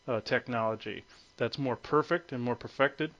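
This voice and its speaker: A man's voice: medium pitch, moderate pace, a bit bright. A man speaking as a guest on a conference call, hesitant and full of fillers and restarts. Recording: muffled lo-fi phone audio.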